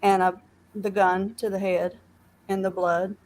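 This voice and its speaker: A woman's voice: mid-range voice, flat delivery, a little mellow, slight background noise, poor audio. A woman with a Southern accent calling in to a live stream, talking earnestly with lots of fillers and restarts. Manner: earnest, halting with many fillers. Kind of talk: casual call-in chat.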